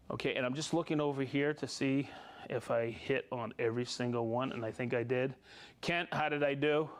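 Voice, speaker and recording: A man hosting a casual live stream, upbeat and joking as he reads out viewer names. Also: mid-range voice. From United States. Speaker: livestream host.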